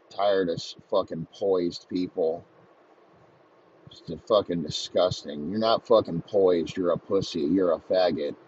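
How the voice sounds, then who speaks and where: A man's voice: sits low, darkish tone. Guy ranting and cussing nonstop, mocking everybody, kinda muffled lo-fi sound. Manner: crude, mocking, swears constantly. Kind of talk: profane comedic rant. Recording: slightly muffled lo-fi recording, faint background noise.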